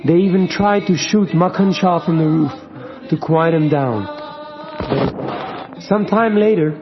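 A man narrating a story in a slow, deliberate way, in a lo-fi recording with soft music behind. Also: a little high.

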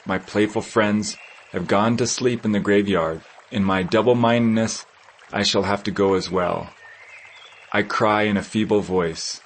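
A man reads scripture aloud at a very unhurried pace, his voice sitting somewhat low. He recites in a measured, reverent way, letting each phrase settle before the next. A faint hiss of noise sits under the voice. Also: poor audio. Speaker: scripture reader. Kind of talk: slow solemn scripture reading.

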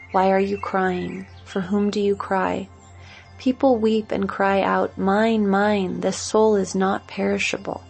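A woman slowly reading devotional scripture aloud in a measured recitation, even speaking the pause markings. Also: medium pitch, creaky, slightly rough. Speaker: scripture reader.

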